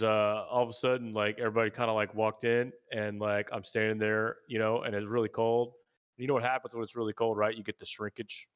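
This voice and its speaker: A man's voice: lowish voice, clear, resonant tone, lightly acted. A man voicing a bumbling male barbarian in a tabletop game, rambling and stammering. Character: bumbling male barbarian telling a sorry tale. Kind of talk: tabletop role-play.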